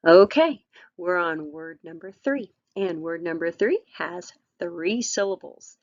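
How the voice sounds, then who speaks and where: Lower-voiced woman teaching vocabulary. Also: lively intonation, slow pace, no room sound, highs cut off. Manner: patient, encouraging, with ums and all-rights. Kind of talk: recorded vocabulary lesson.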